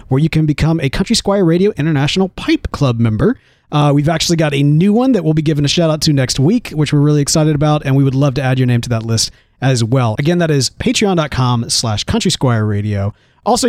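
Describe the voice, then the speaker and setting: A man co-hosting a podcast in relaxed conversation, his voice sitting a bit high and swinging widely in pitch. He chats in an animated way, filling gaps with ums and likes. The sound is close and dry, with no room around it. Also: no room sound. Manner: chatty and animated, with frequent fillers and laughs. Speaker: podcast co-host. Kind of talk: casual chat.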